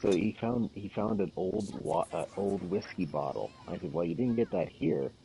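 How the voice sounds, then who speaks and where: A man's voice: deep voice, moderate pace, gravelly, warm tone, a little hiss or hum, low-quality recording. A man hosting a gaming stream, chatting casually and rambling through funny stories with frequent laughs. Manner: rambling storyteller, laughs often. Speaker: game stream host. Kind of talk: casual chat while gaming.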